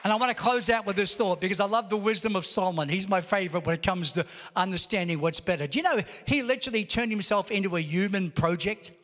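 Male preacher, high voice, storytelling sermon that builds to emphatic exhortation, big reverberant church hall. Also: fast talker, fairly bright tone, some chatter behind. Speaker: pastor. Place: large church auditorium.

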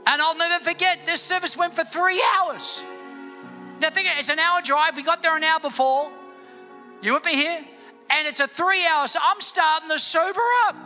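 A man preaching an Easter sermon to a church congregation, telling his own conversion story with animated storytelling and then dropping to a hushed voice to pray. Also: extremely high pitch, moderate pace, faint music behind. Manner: animated storytelling, drops to hushed tones for prayer. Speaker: pastor. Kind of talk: Easter sermon with personal testimony. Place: church building before a congregation.

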